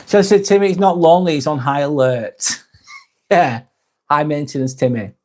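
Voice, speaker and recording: A man's voice: on the high side, moderate pace, darkish tone. A man hosting a live stream, reading chat comments aloud, swearing heavily, then apologizing.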